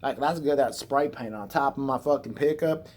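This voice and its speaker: A man's voice: medium pitch, normal speed, a little mellow. A man ranting on his vlog in a rambling, sarcastic and profane way. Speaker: vlogger. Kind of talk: rambling satirical rant.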